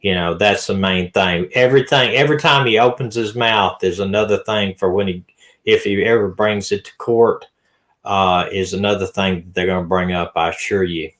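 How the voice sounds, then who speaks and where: A man hosting a live stream in a relaxed, folksy, reassuring way. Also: sits low, normal speed. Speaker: live-stream host, retired detective. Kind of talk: casual live-stream chat.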